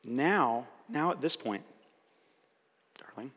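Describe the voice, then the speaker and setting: A man giving a sermon-style teaching, animated, acting out quoted inner voices. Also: mid-range voice, takes it slowly, slightly rough. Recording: reverberant hall.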